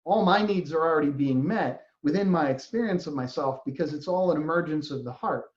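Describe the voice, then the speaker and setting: A man giving a reflective spiritual talk as a teacher, gentle and earnest, sometimes acting out inner voices. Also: a little high, fairly quick, few pauses. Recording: roomy, dull lo-fi recording.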